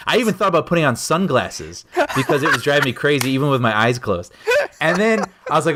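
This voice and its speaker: A man co-hosts a podcast and tells stories with an animated, lively voice. His pitch moves a lot, and he laughs often between his lines. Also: quick pace, noisy background. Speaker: podcast co-host. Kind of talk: casual chat, anecdote telling.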